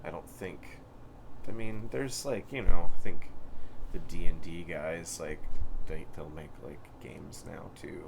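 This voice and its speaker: A man with a very low voice rambles through his thoughts, full of "like" and "you know", jumping up in bursts of energy. A faint hum of room noise sits behind him. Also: unhurried, gravelly. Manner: rambling, filler-heavy, animated bursts. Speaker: co-host. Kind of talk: casual chat about games and comics. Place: comic shop.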